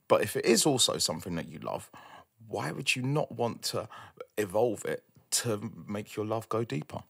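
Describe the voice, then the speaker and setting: A man, guesting on a podcast, works his thoughts out slowly in a rambling, slangy way. His voice sits a little low. He talks casually throughout. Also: animated, gravelly, a bit bright, husky.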